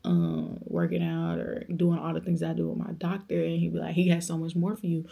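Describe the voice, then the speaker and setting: Gravelly-voiced woman telling a storytime. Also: deep voice, a little fast. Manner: animated storyteller, acts out quoted voices; faith-filled, speaks of God, conversational. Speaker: vlogger. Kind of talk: storytime vlog, casual chat.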